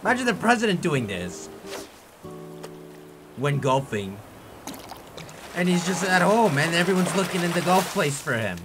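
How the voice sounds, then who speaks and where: A young man giving let's play commentary, with excitable and exaggerated frustrated rants. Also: on the high side, normal speed, long pauses, music in the background. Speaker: gaming YouTuber.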